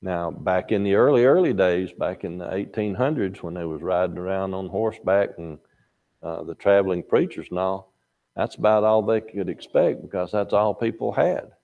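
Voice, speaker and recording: A man's voice: low voice, moderate pace, vocal fry, phone-quality sound. An older man teaching a Sunday morning Bible class in a folksy, conversational way. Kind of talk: Sunday school lesson.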